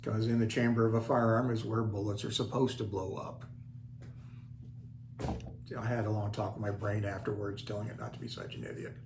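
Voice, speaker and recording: A man's voice: on the low side, little pitch movement, a little fast, noisy background. An older man hosting his own channel, telling a story in a wry, self-deprecating, folksy way. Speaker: channel host. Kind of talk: casual storytelling vlog. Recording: roomy echo, faint ambience.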